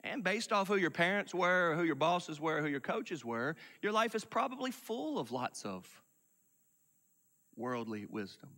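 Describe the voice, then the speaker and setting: A man preaching a sermon, emphatic, dropping from loud declarations to hushed asides. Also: high voice, sing-song, a little slow, in a large hall. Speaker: pastor.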